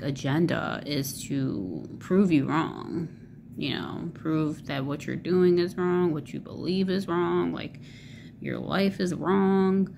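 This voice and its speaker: A woman's voice: deep voice, gravelly, darkish tone, a little hiss or hum. A woman vlogger talking casually to camera, rambling with many fillers and swearing freely.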